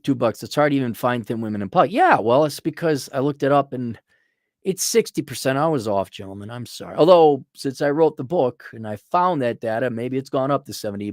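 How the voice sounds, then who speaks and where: A man hosts a casual livestream, reading viewer donations aloud and answering them bluntly and sardonically, often mocking people in a put-on high voice. The studio sound is clean, with no echo.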